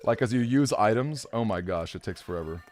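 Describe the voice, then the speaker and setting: A man's voice: lowish voice, lively intonation, brisk, a little mellow. A man streaming a game, chatting casually and rambling with fillers as he answers his chat.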